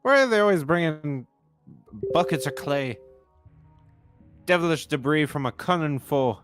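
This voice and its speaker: A man's voice: fairly high pitch, animated, unhurried, music in the background. A man voicing a bumbling, self-important police officer, reading game dialogue with indignant bluster. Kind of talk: game dialogue read aloud.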